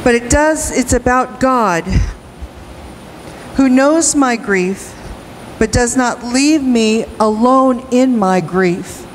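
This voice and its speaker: Woman, pastor, sermon, unhurried delivery, faint hiss behind. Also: fairly high pitch, rough recording. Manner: slow, emphatic preaching with rising cries. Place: church sanctuary.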